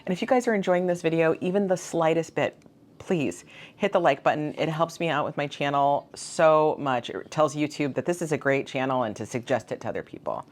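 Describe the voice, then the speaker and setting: A woman's voice: deep voice, a little fast. A woman chatting through her thrift haul in a bubbly, gushing way, showing off each find. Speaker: vintage reseller vlogger. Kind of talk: casual thrift haul show-and-tell.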